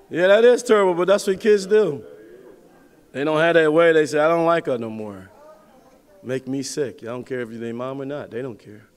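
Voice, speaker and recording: A man preaching a sermon as pastor, telling a personal story with big swings in pitch and loudness. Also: long reverb tail.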